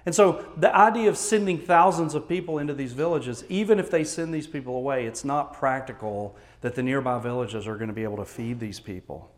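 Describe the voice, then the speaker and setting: Reading from scripture and then unpacking it with earnest emphasis, a Texan-accented man preaches as pastor. His delivery shifts from loud, stressed words to quiet, low stretches.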